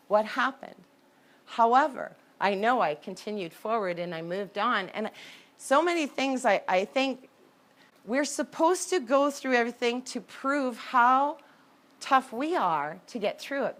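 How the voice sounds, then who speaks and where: A woman telling a personal story in a candid, conversational way, with sudden jumps in pitch and loudness. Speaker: horse owner telling her story.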